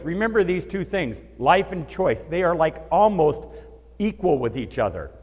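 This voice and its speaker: A man's voice: fairly high pitch, darkish tone. A man preaching a sermon as a pastor, telling stories with animation and acting out the voices of the people he quotes. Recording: long reverb of a large hall.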